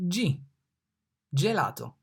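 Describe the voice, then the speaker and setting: Slow gravelly-voiced Italian teacher. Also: mid-range voice, sing-song. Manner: slow, patient, repeats sounds and words. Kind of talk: online language lesson.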